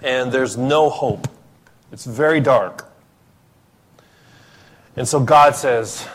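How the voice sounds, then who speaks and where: A man's voice: medium pitch, takes it slowly, pauses often. A man from the Philippines, preaching a sermon as pastor, emphatic and full of rhetorical questions.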